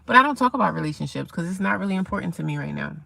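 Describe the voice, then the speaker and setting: Gravelly-voiced woman streaming to her viewers. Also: fairly low pitch, expressive, very fast, pushed and bright. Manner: chatty, talks to viewers and reads chat aloud. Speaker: live streamer. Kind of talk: casual live stream chat. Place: outdoors at sunrise.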